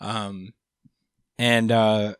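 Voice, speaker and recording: A man's voice: fairly low pitch, flat delivery, very slow, clear, resonant tone, no echo, clean studio sound. Laid-back man swearing through a recap. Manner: laid-back, swears freely, many fillers. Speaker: podcast host. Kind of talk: casual chat, recapping a manga chapter.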